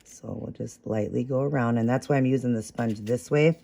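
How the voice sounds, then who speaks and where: A man's voice: medium pitch, fairly quick, vocal fry, mellow. Man, craft tutorial host; easygoing step-by-step talk, thinks aloud, fixes his own slips. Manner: chatty, talks while working, corrects own slips.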